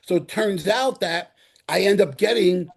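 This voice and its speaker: A middle-aged man from the Bronx with a New York accent, a guest actor telling animated stories in an interview, acting out quotes and repeating himself. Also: high-pitched, unhurried, creaky, slightly rough. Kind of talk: storytelling interview.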